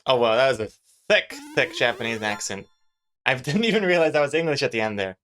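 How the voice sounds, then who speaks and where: A man with a mid-range, slightly bright voice talks in an animated, brisk way. He's a webcomic artist on a live stream, chatting loosely while he draws his comic, rambling and joking with plenty of fillers.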